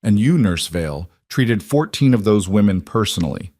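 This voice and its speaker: A man narrating an audiobook voices a weary female detective who questions in a measured, level way. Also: lowish voice, expressive, a little mellow, no room sound, clean studio sound. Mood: pressing.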